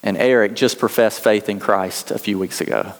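A man's voice: fairly low pitch, fairly even intonation, normal speed, big-room sound. An American man preaching a sermon as pastor, telling a story in earnest and reading scripture aloud. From United States.

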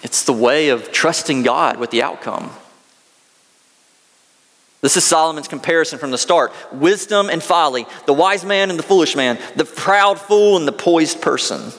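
Southern pastor preaching in a reverberant hall. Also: male voice, fairly high pitch, normal speed, fairly bright tone. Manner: conversational, folksy asides. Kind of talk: sermon.

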